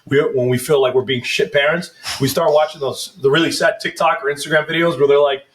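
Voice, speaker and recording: Podcast host, man in his 30s, slightly high pitch, profane storyteller. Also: steady tone, quick pace, a little hiss or hum. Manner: profane, loose storytelling that slips into mock voices. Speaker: podcast host and first responder. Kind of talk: casual podcast chat.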